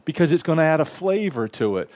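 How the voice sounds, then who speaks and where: Animated male preacher with a higher voice. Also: quick pace. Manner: animated, conversational preaching with props and asides to the congregation. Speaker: pastor. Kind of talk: sermon.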